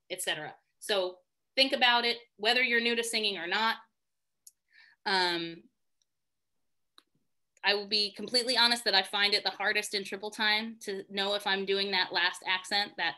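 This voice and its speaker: Over a video call, a woman with a medium-pitched, sharp voice teaches a live online singing class. She's chatty and self-deprecating, thinking aloud as she explains.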